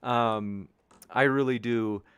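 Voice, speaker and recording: A man's voice: medium pitch, fairly even intonation, slow, a bit bright, smooth, no echo. A man hosting a debate show live stream, reading viewer comments in a rambling, upbeat way, with many restarts. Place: home studio with a backdrop sheet behind.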